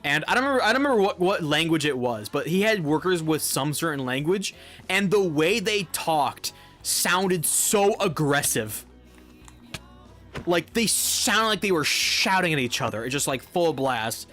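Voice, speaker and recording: A man's voice: on the high side, lively intonation, normal speed, pushed and bright, faint music behind. A young man streaming a game, chatting casually in a rambling, profane way and laughing often. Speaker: live streamer.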